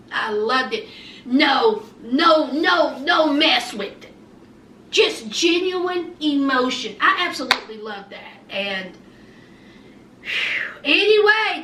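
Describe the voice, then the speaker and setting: A young woman recaps a reality show in a chatty, sassy way, high and bright in pitch. She keeps calling her listeners honey and child. Her voice rings in a roomy space, picked up from a little way off the mic. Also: slight background noise. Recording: roomy echo, mic a bit distant.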